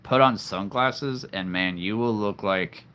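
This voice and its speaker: A man hosting a casual livestream, chatting with viewers, laughing often and jumping up in pitch when excited. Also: a little slow, clean tone. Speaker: livestream host. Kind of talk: casual livestream chat reading comments.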